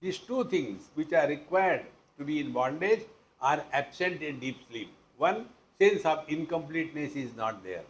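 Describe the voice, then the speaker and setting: A man's voice: on the high side, lo-fi sound. A man with an Indian accent giving a Vedanta discourse, teasing his listeners and acting out the people in his stories. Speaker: spiritual teacher.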